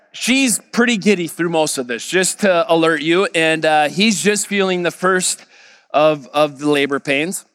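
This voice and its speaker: High, smooth-voiced man preaching. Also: no room sound, in a large hall. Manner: storytelling, quoting others in a lively voice. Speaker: pastor. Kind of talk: sermon with anecdote.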